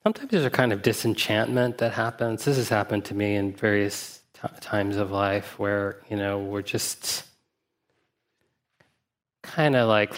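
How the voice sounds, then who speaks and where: Male meditation teacher, lowish voice, dharma talk: reflective, anecdotal, gently humorous. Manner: reflective, unhurried asides with 'uh' and 'you know'.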